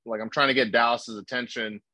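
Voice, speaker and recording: A man's voice: medium pitch, fairly even intonation, a little fast, pushed and bright, no room sound, rough recording. A young man hosting a casual podcast, telling rambling stories with lots of fillers and swearing. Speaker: podcast host. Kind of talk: casual chat.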